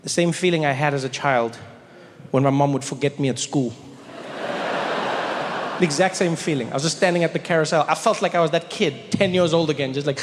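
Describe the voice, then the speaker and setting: A man with a high voice tells animated stand-up stories and often interrupts himself mid-sentence. His voice carries a long hall reverb. A faint murmur of the venue sits behind him. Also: fairly quick, pauses often, noisy background. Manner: animated storytelling with frequent self-interruptions. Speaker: comedian. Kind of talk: stand-up comedy.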